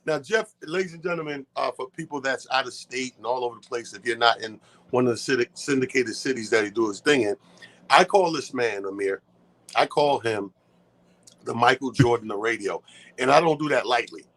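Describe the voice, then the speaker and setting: Man swapping stories on the radio. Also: mid-range voice. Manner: animated, swears freely, talks fast when excited. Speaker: radio co-host. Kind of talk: casual radio chat, storytelling.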